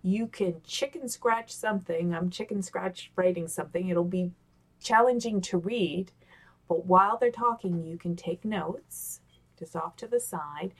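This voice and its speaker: Over a webcam on a video call, a woman gives casual, animated communication tips from a home office with a squeaky chair. Her voice sits on the low side and moves a little slowly, and she's excitable, gesturing as she talks through this relaxed on-camera lesson.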